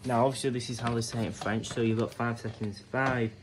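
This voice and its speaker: A man's voice: mid-range voice, little pitch movement, quick pace, slight background noise. A man hosting a vlog, chatting casually as he counts down a guessing game for viewers. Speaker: vlog host.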